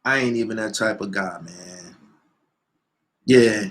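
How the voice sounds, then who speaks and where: A man ranting loudly and profanely, reading out comments and answering them heatedly, repeating his lines for emphasis. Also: fairly low pitch, slow pace, a little hiss or hum. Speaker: show host.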